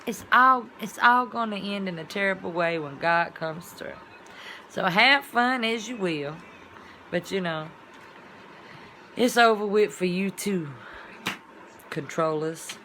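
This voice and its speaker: A woman's voice: mid-range voice, slow pace, long pauses, sharp tone, slight background noise. A woman vlogger talking in a casual, rambling monologue, with colloquial, folksy phrasing and sound-effect words.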